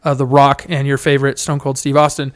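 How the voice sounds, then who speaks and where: A young man co-hosting a podcast in casual chat, excitable, swearing freely and often laughing loudly. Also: mid-range voice, a little fast. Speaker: podcast co-host.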